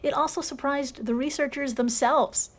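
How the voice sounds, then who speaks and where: A woman's voice: sits high, fairly even intonation, normal speed. A woman hosting a podcast in a casual, sarcastic style, swearing and laughing often as she narrates. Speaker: podcast host.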